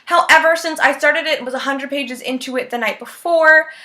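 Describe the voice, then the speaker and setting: Chatty, high-voiced young woman vlogger. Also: fairly quick, bright, forceful tone. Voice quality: upbeat, chatty. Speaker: book vlogger. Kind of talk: casual vlog talk. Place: bedroom.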